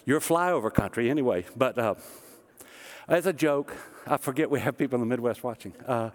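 A man's voice: mid-range voice, a little fast, in a large hall. A man from the American South preaching a conversational sermon with joking asides, as pastor. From American South, Tennessee. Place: church auditorium.

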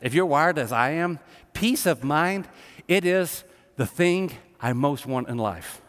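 A man's voice: a little high, lively intonation, measured pace, a bit bright. A man preaching a sermon to a congregation, talking in an emphatic, conversational way. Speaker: pastor. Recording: long hall reverb, live sermon.

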